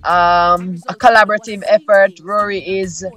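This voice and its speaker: A woman, a musician guest on a radio interview, talking calmly and reflectively with many "you know"s. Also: mid-range voice, moderate pace, soft background music.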